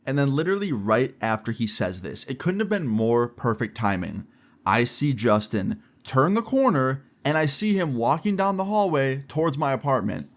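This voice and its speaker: A man's voice: mid-range voice, sing-song, normal speed. A young man casually telling a story on his vlog, chatty and full of "like" fillers. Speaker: vlogger.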